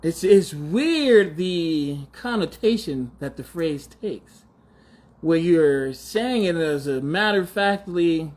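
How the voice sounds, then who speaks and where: Very animated yet taking his time, this man speaks in a high voice. He's a forties-aged podcast host whose monologue is casual, slangy, and teasing, full of mock outrage and frequent laughs.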